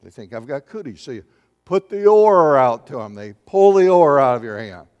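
A man preaching a sermon in a lively, conversational way, asking the congregation questions and acting out little voices. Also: fairly high pitch, normal speed, clear, resonant tone, highs cut off. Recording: long hall reverb.

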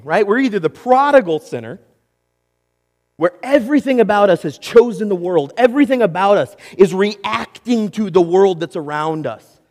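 A man preaching a sermon in an animated way, acting out quotes and talking straight to his audience. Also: high-pitched, big-room sound. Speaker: pastor.

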